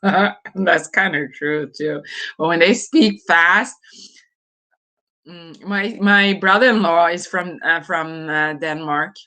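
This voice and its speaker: Woman in her forties, from Norway, bright tone, relaxed unhurried delivery, casual live chat, chatty and giggly. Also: fairly low pitch. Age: 40s. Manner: chatty, hesitant, laughs often. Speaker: livestream host.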